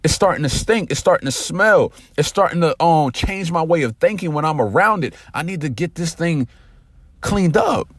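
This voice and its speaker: A male motivational podcast host speaks in an energetic, direct way. His pitch swings widely as he pushes his point and tells a story. The recording is dry and close, with no room sound. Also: normal speed, no echo. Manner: energetic, direct, calls listeners "family".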